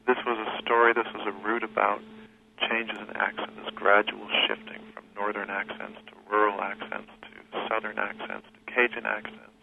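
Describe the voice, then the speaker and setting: A man, a guest who teaches history, talking reflectively in an interview, pausing and restarting his sentences often. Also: on the low side, vocal fry. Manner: thoughtful, halting with many restarts and fillers. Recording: tinny phone line with faint hiss.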